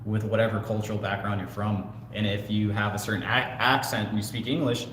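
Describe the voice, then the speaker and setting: A man with a fairly low voice co-hosts a relaxed livestream chat, talking in an easygoing, earnest way. His voice rings in an echoey room with a long tail, and faint noise sits underneath. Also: fairly quick. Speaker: co-host. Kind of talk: casual livestream chat reading comments.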